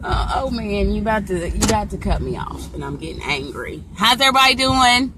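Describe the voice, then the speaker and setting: Lively chatty woman live-streaming on the go. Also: mid-range voice, a little fast. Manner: chatty, playful, laughs often. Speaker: vlogger. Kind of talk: casual live-stream chat. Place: in a car and out in town. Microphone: phone camera. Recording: phone recording with clear street noise.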